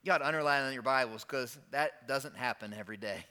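A man preaching a sermon as pastor, asking rhetorical questions, swinging between hushed and emphatic delivery. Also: medium pitch, clear, resonant tone. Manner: dynamic preaching with rhetorical questions and dramatic pauses.

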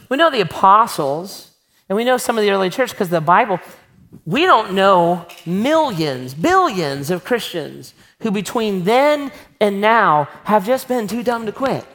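A man's voice: high-pitched, expressive, moderate pace, fairly bright tone. A man preaching a sermon as a pastor, conversational and emphatic, often tossing rhetorical questions to the congregation.

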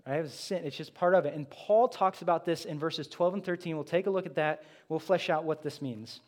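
A man's voice: fairly high pitch, brisk. A man preaching a sermon in a conversational, emphatic way, often slipping into quoted asides. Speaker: pastor.

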